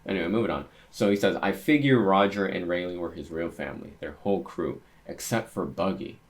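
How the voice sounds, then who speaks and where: A young man reading a manga chapter aloud, thinking out loud and getting excited as he reacts to each panel. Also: low-pitched, a little fast.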